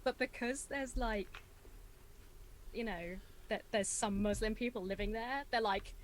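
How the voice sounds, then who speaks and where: A woman's voice: fairly high pitch, unhurried, a little hiss or hum, rough recording. A woman from England, a guest on a casual call, who jokes sarcastically and laughs often. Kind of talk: casual conversation.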